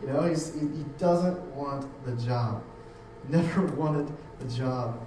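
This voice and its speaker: A man's voice: medium pitch, takes it slowly, mellow. Echoey preacher man, talking off-mic. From United States. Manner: conversational, repeats words and restarts often. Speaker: pastor. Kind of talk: sermon. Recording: very echoey room, voice from a distance, faint hum.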